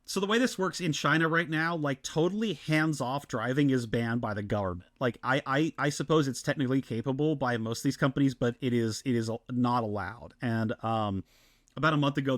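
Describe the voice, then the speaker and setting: A man, co-hosting a casual podcast and telling stories in an excited, animated way with many restarts. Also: medium pitch, fairly quick, no echo, clean studio sound. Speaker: podcast co-host.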